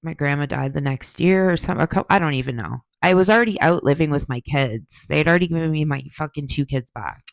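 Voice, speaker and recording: A woman's voice: sits low, fast talker, gravelly, few pauses, no room sound. Blunt, profane woman in her forties. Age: 40s. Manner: blunt, profane, heated storytelling. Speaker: podcast host. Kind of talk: casual monologue answering questions.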